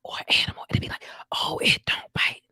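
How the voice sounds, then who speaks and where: A woman host giving whispered news commentary in a husky whisper, animated and profane, repeating herself for emphasis. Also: fast talker, no room sound. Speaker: channel host.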